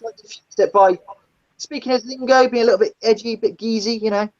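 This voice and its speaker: A woman's voice: on the high side, quick pace, a little mellow, muffled recording. A woman telling stories about her old driving jobs in casual chat, blunt and swearing, acting out the people she met. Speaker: guest, former taxi driver. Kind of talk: casual storytelling in a live chat.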